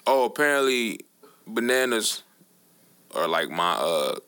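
Animated, gravelly-voiced man telling stories. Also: lowish voice, measured pace. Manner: animated storytelling, slangy and profane. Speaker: podcast co-host. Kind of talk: casual chat.

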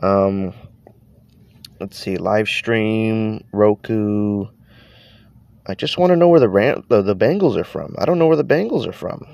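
Low, gravelly, and a little mellow, the podcast host's voice keeps a measured pace with no echo. He sounds congested and nasal from allergies, and in his tired state he rambles on his casual show, swearing as he trails off.

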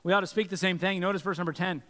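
Pastor, male, preaching earnestly with rhetorical questions, slightly high voice, long church-hall reverb. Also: fairly even intonation, racing, a bit bright. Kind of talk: sermon.

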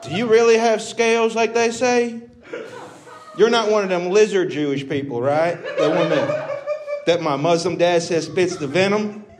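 Joe the Seventh, a comic doing a crude Texas redneck. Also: male voice, mid-range voice, normal speed, background noise, close to an everyday voice. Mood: mock-friendly. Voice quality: crude, drawling, self-mocking patter. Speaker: comedian. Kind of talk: stand-up character bit.

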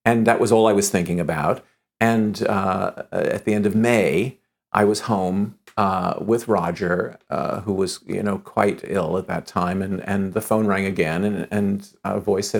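A man telling a long anecdote in conversation, lively and acting out the dialogue, often restarting his sentences with stammers. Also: sits low, a little slow, vocal fry. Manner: lively storyteller who acts out quoted dialogue.

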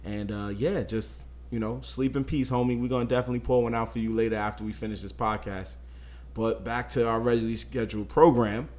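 A man co-hosting a casual podcast about films, his talk loose and full of slang. His pitch sits in an ordinary middle register, and he speaks at an unhurried pace. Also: fairly even intonation, darkish tone. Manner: laid-back, slangy. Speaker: podcast co-host. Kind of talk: casual chat.

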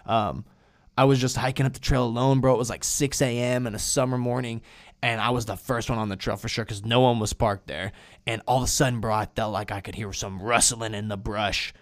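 A young man spins a wild anecdote in loose podcast chat, his pitch sitting in an ordinary middle range. His talk is animated and profane, packed with slang and restarts as he builds the tension. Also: fairly quick. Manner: animated, profane, slangy, drifts into acted-out quotes. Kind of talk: casual podcast storytelling.

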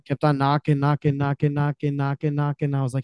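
A man, a podcast guest, telling a story in casual chat, animated and profane, acting out what people said. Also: fairly high pitch, brisk, smooth, no room sound, clean studio sound. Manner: animated, profane, acts out quotes.

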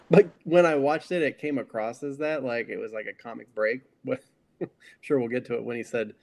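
A man's voice: mid-range voice, fairly even intonation, moderate pace, long pauses, a little mellow. A man in a casual film discussion, speaking hesitantly with many fillers and laughing easily.

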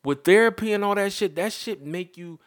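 A man's voice: sits high, normal speed, dry recording, studio quality. A man and parent giving a blunt, heated, profane opinion monologue to his viewers.

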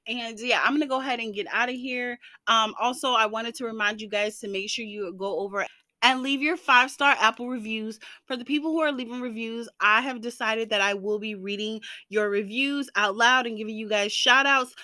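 A young woman chats through her podcast in a bright, lively voice, rambling freely and dropping playful slang. The sound is close and dry, with no room around her. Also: on the high side, brisk, no room sound. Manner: chatty, animated and rambling. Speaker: podcast host. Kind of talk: casual solo podcast chat.

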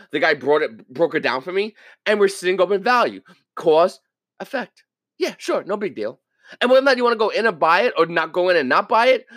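A man hosting a casual podcast monologue, talking in an animated way and acting out the people he quotes. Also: high voice, dry recording. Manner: animated, acts out quoted viewers. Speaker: podcast host.

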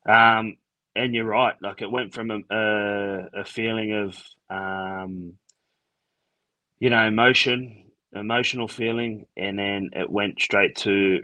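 A man's voice: on the low side, steady tone, slow, pushed and bright, dry recording, poor audio. An Australian man, a retired footballer, telling stories in a casual interview, laid-back and full of fillers. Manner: retells events by acting out quoted chats. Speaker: retired rugby league player, guest.

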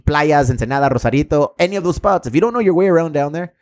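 A man's voice: fairly high pitch, animated, very fast, darkish tone. A man in his thirties, co-hosting a podcast, telling rowdy stories with laughs, swearing and Spanish slang. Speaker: podcast co-host. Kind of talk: casual storytelling chat.

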